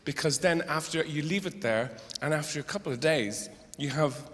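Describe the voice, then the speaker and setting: A man's voice: a little high, moderate pace, fairly bright tone. A middle-aged male stand-up comedian, rambling, profane and exasperated, performing live on a theatre stage. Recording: echoey hall with crowd noise.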